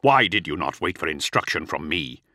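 A man voicing a stern male warrior lord who gives forceful, clipped commands. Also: a bass voice, sing-song, normal speed, no echo, studio quality, exaggerated voice.

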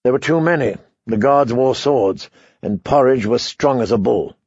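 Man reading an audiobook, measured storytelling, dry close sound, gravelly. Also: medium pitch, darkish tone, no echo, muffled recording. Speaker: audiobook narrator. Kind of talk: scripted narration.

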